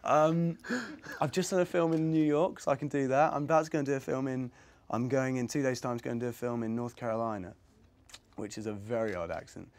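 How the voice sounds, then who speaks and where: A man's voice: medium pitch, steady tone, a little fast, a little mellow. A young man from England, an actor guest in a casual interview, chatting in a rambling way and laughing easily.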